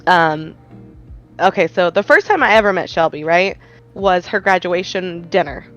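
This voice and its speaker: A woman in casual podcast chat, speaking calmly and supportively. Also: fairly low pitch, normal speed, faint music behind. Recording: muffled lo-fi audio.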